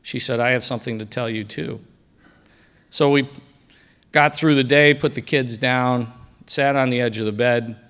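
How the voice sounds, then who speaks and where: A middle-aged man giving a personal faith testimony at a breakfast event, telling his story and dropping quiet for quoted lines. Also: medium pitch, fairly even intonation, moderate pace, pauses often, smooth. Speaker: guest speaker sharing testimony. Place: banquet hall at a breakfast event.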